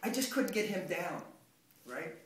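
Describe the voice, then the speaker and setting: Male acting coach, rambling lecture, slightly high voice, roomy and off-mic. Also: sing-song, measured pace, a bit bright. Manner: rambling, conversational, self-interrupting. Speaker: acting teacher. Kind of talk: workshop lecture. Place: workshop room. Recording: echoey room, distant mic, faint noise.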